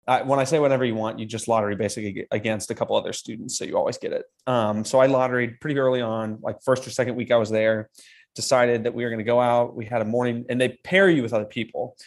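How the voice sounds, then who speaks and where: Animated young man telling a story. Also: mid-range voice, fast. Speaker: podcast co-host. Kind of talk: casual storytelling chat.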